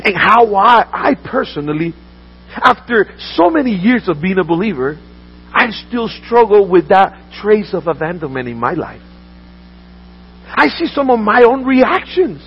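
A man's voice: sits high, big pitch swings, a little slow, breathy edge, dull audio. A man preaching a sermon as a pastor, earnest, often repeating words and restarting his sentences.

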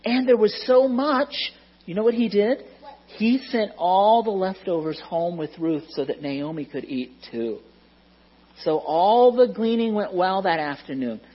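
Husky children's Bible storyteller. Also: medium pitch. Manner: lively, asks the children questions, hushes them. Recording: dull lo-fi sound.

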